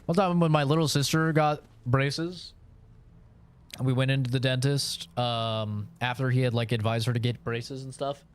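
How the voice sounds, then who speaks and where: A man's voice: medium pitch, fairly even intonation, normal speed, clean tone. A man in his twenties chatting casually on a live stream, boastful and profane in his banter.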